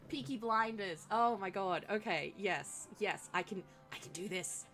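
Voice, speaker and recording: Chatty Australian woman streamer, lively pitch, a bit of gravel in it. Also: unhurried, few pauses, faint music behind. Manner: chatty, giggly, self-mocking. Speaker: game streamer. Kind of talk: casual chat while playing.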